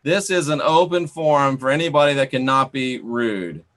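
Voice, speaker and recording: Guy hosting a live stream, sarcastic, scolds and bans rude chatters, bright sharp voice. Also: mid-range voice, normal speed. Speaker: channel host. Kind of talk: live stream chat, reading viewer comments.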